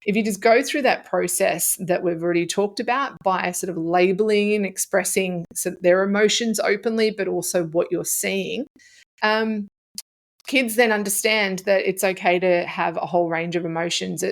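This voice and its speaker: A woman's voice: mid-range voice, steady tone, moderate pace, gravelly. A middle-aged woman, hosting a solo podcast in a conversational way, often acting out short example phrases. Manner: conversational, with frequent fillers and acted-out example phrases. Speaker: podcast host and author.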